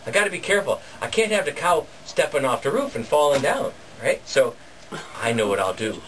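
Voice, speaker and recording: A storyteller giving voice to a farmer husband full of himself, talking his schemes through out loud. The voice sits fairly high, and a far-off camera picks it up over clear room noise. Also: very animated, brisk. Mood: pleased scheming. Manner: self-satisfied, musing aloud. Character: pleased-with-himself farmer husband, adult man. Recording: distant camera, noisy room.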